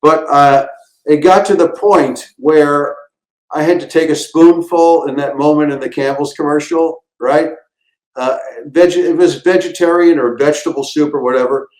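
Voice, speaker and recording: A man's voice: on the high side, fairly even intonation, normal speed, darkish tone, roomy sound, rough recording. A man, a comedian guest, telling casual stories and acting out quotes and sound effects. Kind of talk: casual storytelling.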